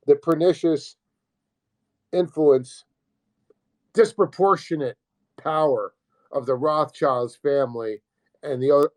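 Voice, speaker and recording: Slow-talking, profane male commentator. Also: a little high. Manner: profane, agitated, rhetorical questions to the audience. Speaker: host. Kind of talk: casual commentary.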